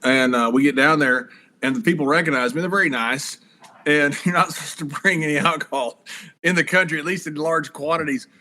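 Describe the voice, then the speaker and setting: Guest storyteller: man, higher-set, bright voice, relaxed anecdotes. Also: brisk. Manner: animated anecdotes, swearing, acting out voices. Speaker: guest, former wrestler and commentator. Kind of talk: casual storytelling.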